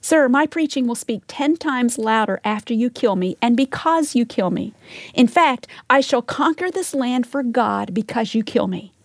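A woman giving a recorded Bible teaching in an earnest, measured way, sometimes dropping to a soft whisper for emphasis. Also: a little high, lively intonation, dry recording.

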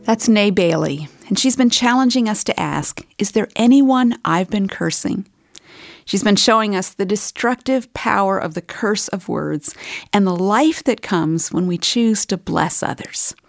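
A woman hosting a Christian radio program, gently reading a reflective wrap-up. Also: medium pitch, unhurried, vocal fry, dry recording, clean studio sound.

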